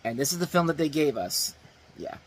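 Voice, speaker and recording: A man's voice: on the high side, fairly quick, a little hiss or hum, rough recording. A man hosting a movie review show, talking casually and rambling, with lots of fillers and restarts. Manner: rambling, many fillers and restarts, animated emphasis.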